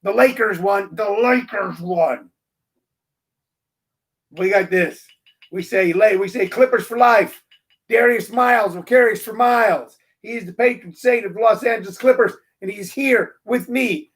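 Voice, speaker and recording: A man hosting his own show, talking through a casual monologue in an animated, emphatic way, ranting with playful jabs. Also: high-pitched, moderate pace. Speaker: show host.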